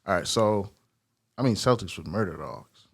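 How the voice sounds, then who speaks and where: A man co-hosting a casual sports chat, easygoing but quick to argue his picks. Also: on the low side, animated, husky, no room sound. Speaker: co-host.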